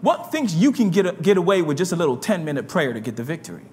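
A man preaching a sermon in a church, his delivery swinging between quiet murmurs and loud shouts. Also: on the high side, very animated, fast talker, long reverb tail. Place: church sanctuary.

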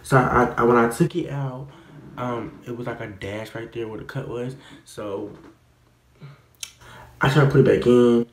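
A young man in his teens, vlogging in casual, slangy, expressive chat that rambles and stutters. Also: medium pitch, moderate pace, long pauses, roomy sound, noisy background.

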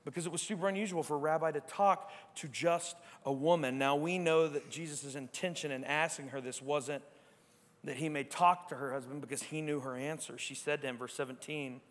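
A man preaching a sermon as pastor, emphatic and swinging between quiet reflection and loud exclamation, often asking "right?". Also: on the high side, long reverb tail. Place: church sanctuary.

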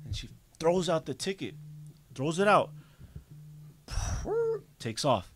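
A man's voice: on the high side, lively intonation, takes it slowly, slight background noise. A man, a guest on a podcast, telling his own story in a blunt, emphatic, profane way. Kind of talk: casual storytelling.

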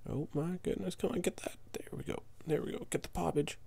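A man giving casual commentary on his own strategy match, muttering to himself and jumping to high, exasperated yelps when things go wrong. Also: steady tone, a little fast, gravelly, a little mellow, husky.

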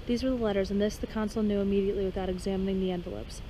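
A woman reading a novel aloud at a measured pace, with occasional slips and restarts. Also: mid-range voice, steady tone, dark tone, a little hiss or hum, poor audio. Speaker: audiobook reader. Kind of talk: scripted narration.

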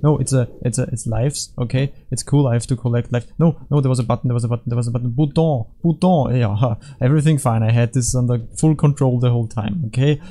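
A man talks over his gameplay in a casual, rambling way, jumping between jokes and half-finished thoughts. His voice is mellow and dark, at an ordinary middle pitch. He mocks himself easily and keeps up a loose, unscripted patter. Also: steady tone, quick pace, few pauses, a little hiss or hum. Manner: rambling, self-mocking, easily distracted jokes. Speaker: gaming commentator.

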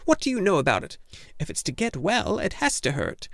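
A man voicing a sharp-tongued, impatient old female gnome healer in a storybook reading. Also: high-pitched, sing-song, a little fast, creaky, no room sound, voice pushed up, heavily acted. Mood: scolding. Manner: scolding, impatient.

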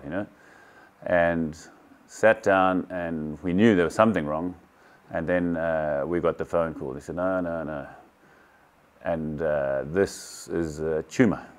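A man in his sixties from South Africa, candidly recounting a personal story to camera in a matter-of-fact way. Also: sits low. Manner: candid, matter-of-fact, quotes others in dialogue. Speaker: kayaking champion telling his story.

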